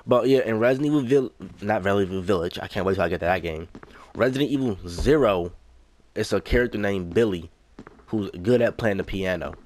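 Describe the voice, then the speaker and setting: A gaming YouTuber, a young man with a fairly low, darkish voice, gives let's play commentary on a horror game at a fairly quick clip. He talks to himself and repeats lines as he plays, letting out panicked yelps whenever danger strikes.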